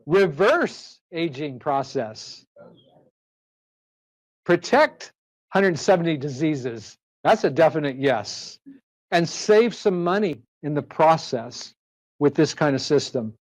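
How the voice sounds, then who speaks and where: A man giving a persuasive live sales pitch to an audience in a presentation room, firing rhetorical questions at the crowd. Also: very animated, slow pace.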